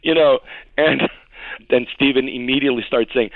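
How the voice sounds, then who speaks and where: A man recounts stories as an interview guest, acting out what others said and laughing along the way. His voice is of middle pitch, and it comes through thin and phone-like. The sound is dry and close. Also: moderate pace, no room sound. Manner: animated storyteller, acts out quotes, laughs often. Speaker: songwriter guest. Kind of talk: storytelling interview.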